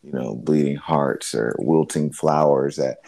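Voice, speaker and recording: A man's voice: rumbling low, fairly even intonation, measured pace, creaky, mellow. A man co-hosting a podcast, rambling and joking in casual chat, swearing freely. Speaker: podcast co-host.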